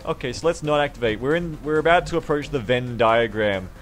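A man streaming a strategy game, commentating sarcastically and jumping to excited yelps. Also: medium pitch, a little fast. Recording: game stream with music behind.

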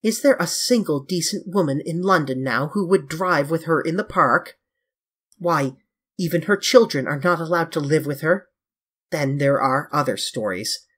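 A reader voicing a grave, earnest male painter who pleads and reproaches his young friend, with a husky tone. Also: a little high, normal speed, fairly bright tone. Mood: pleading.

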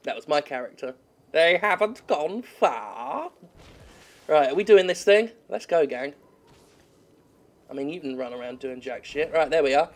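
A man giving sweary, joking let's-play commentary while he plays a game, with excitable outbursts. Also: mid-range voice, a little fast. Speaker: games critic playing a game.

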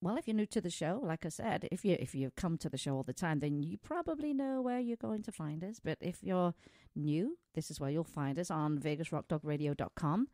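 A woman's voice: on the low side, expressive, fairly quick, dark tone, dry recording, clean studio sound. A middle-aged woman with a foreign accent, hosting a pet radio show in a chatty way and laughing often. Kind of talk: casual radio chat. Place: small studio.

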